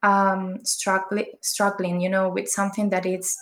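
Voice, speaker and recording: A woman speaking as an interview guest, answering thoughtfully with many pauses and self-corrections. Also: mid-range voice, monotone, roomy sound. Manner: hesitant, searching for words, self-correcting.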